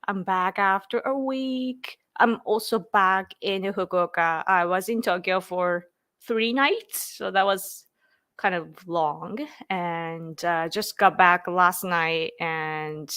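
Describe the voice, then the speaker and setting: A woman's voice: on the low side, slow pace, a bit bright, clean tone. Chatty Japanese-accented woman streaming live. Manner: rambling, full of "like" and "you know". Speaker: livestream host. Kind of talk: casual live-stream chat.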